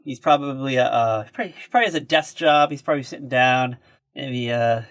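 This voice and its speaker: A man's voice: medium pitch, fast, fairly bright tone. A man co-hosting a podcast in casual chat, rambling and joking with plenty of profanity. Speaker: podcast co-host.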